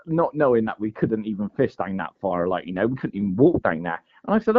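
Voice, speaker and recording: A man's voice: medium pitch, very animated, brisk, few pauses. Rambling man with dull audio. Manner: rambling, full of "mate" and "like" fillers. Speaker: guest angler. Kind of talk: casual storytelling interview.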